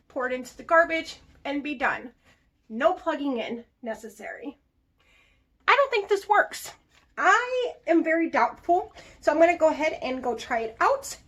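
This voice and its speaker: Woman vlogger, young adult, high-pitched and chatty, reviewing products casually. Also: a little hiss or hum. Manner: chatty and animated, with laughs.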